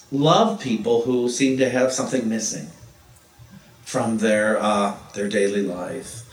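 Earnest man giving a roomy spiritual talk. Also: medium pitch. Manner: earnest, playful, acts out quotes. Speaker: spiritual speaker. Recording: roomy, distant mic.

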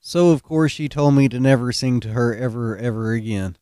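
Male host, relaxed joker, warm tone, dry close recording. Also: mid-range voice, brisk, smooth, no room sound. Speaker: podcast host. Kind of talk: casual storytelling.

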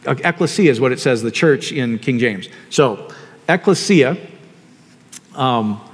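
A man preaching a sermon in a relaxed, conversational way, often asking the audience questions. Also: medium pitch, measured pace, breathy edge. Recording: long hall reverb.

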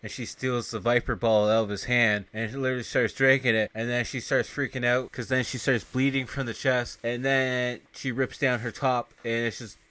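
A man's voice: mid-range voice, level tone, moderate pace, hardly any pauses, sharp tone, clear, resonant tone, no echo. A man hosting a podcast, casually recapping and reviewing a film with lots of filler words. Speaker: podcast host.

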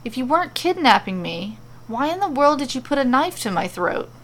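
A woman's voice: high voice, big pitch swings, fairly quick, a bit bright, pitched above the performer's own voice, exaggerated voice. A woman voicing a confused, exasperated young sorceress held captive in a castle, asking question after question. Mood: bewildered.

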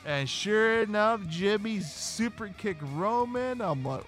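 A man hosting a casual wrestling review podcast, animated and acting out quotes. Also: sits high, a little slow, hardly any pauses, soft background music. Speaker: podcast host.

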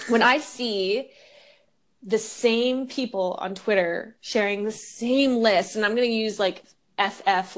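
A young woman co-hosting a podcast in casual chat, candid and ranting, swearing freely. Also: medium pitch. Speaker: podcast co-host.

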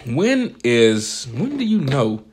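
A man's voice: mid-range voice, huge pitch swings, takes it slowly, a little mellow. A young man co-hosting a podcast, telling stories in casual chat, laughing often and swearing freely. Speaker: podcast co-host.

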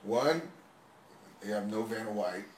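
A man's voice: on the low side, expressive, unhurried. A man on a podcast as a guest, complaining sarcastically and swearing freely. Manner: grumbling, sarcastic, swears a lot. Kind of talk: casual chat. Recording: echoey room with faint background noise.

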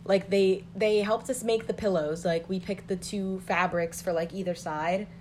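A woman's voice: mid-range voice, fairly even intonation, moderate pace, darkish tone, slight background noise. A young woman telling family stories in casual chat, rambling with many filler words.

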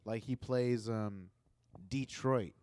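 A man hosting a podcast, chatting casually and telling animated stories with plenty of swearing. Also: mid-range voice, slow pace. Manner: swears freely, animated storyteller. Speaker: podcast host. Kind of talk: casual chat.

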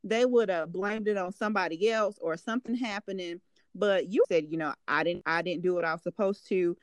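A woman's voice: fairly low pitch, a little fast, dry recording. Encouraging woman podcast host. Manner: encouraging, affirming. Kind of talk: casual faith interview.

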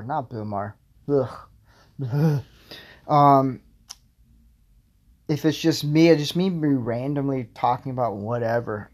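A man's voice: medium pitch, a little mellow. Rambling young man hosting a solo podcast. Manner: rambling, filler-heavy, self-deprecating. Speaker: podcast host.

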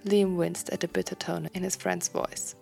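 Woman, low and gravelly, reading a story aloud softly, half-whispering. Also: flat delivery, moderate pace, soft background music. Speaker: fan fiction reader.

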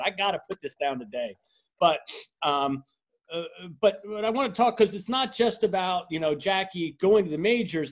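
A man's voice: a little high, lo-fi sound. A man hosting an interview, casual and hesitant, with lots of fillers. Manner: warm, hesitant, with many fillers. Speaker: host.

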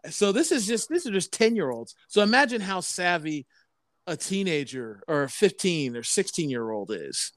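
A man in his thirties co-hosting a casual podcast, who talks in halting bursts and keeps repeating words and restarting his sentences. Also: sits high, big pitch swings, fairly bright tone, no echo. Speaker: podcast co-host.

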